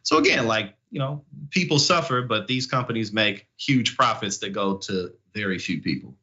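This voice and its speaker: A man's voice: fairly low pitch, lively intonation, moderate pace, sharp tone, highs cut off. A man as a guest commentator in casual chat, talking loosely with fillers and chuckles.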